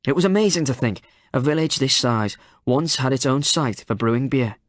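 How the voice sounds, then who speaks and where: A man narrating an audiobook in a measured, even way on a close mic. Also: mid-range voice, dry recording. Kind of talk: scripted narration.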